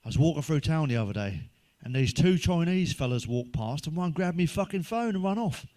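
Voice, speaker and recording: A man's voice: a little high, sing-song, brisk, dark tone. A man delivering a crude stand-up monologue, swearing freely and talking straight to the listener. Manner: swearing, chatty, addresses listener directly. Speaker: stand-up comedian.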